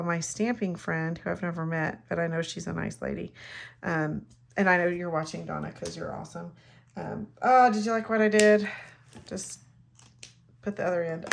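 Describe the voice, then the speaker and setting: A middle-aged woman with a fairly low, creaky voice chats away while demonstrating a craft. Her casual tutorial talk is rambling and self-deprecating.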